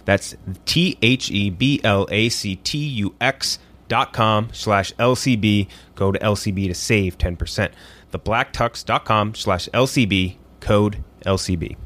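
A man's voice: fairly low pitch, a little slow, a bit bright. Laid-back male podcast host. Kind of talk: casual group chat and read ad.

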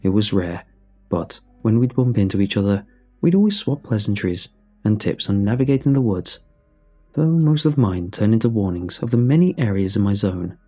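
A man reads a scripted horror story in a measured, somber voice. His voice is low and mellow, with a husky, breathy texture. The pace stays steady and deliberate. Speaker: narrator.

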